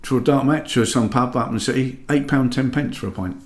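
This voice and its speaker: A man's voice: mid-range voice, fast. An older man with a Cockney accent, co-hosting a podcast in casual chat, agreeable and fond of recalling the old days. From England. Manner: easygoing, agreeable, reminiscing. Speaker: podcast co-host. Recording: roomy echo.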